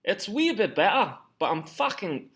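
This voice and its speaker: A man's voice: high voice, big pitch swings, normal speed, a bit bright, pitched above the performer's own voice. A man doing a mock Scottish accent as a cheeky, crude joke voice. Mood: joking. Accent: put-on Scottish. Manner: jokey, exaggerated, swearing.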